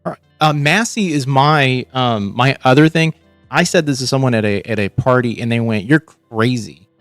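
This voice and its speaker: A man rambles through his reactions as a livestream host, swearing freely and restarting his sentences. His voice sits at a middling pitch and sounds close and dry, with faint music playing underneath. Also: animated, normal speed, fairly bright tone, no echo. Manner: rambling, profane, restarts often. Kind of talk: casual reaction commentary.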